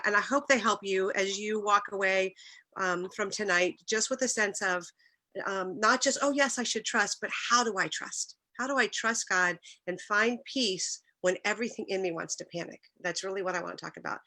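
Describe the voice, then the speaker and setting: In an earnest devotional talk, a middle-aged woman with a mid-range voice speaks in a bright, forward tone. She tells stories in a personal, heartfelt way, at times emotional, with small restarts along the way.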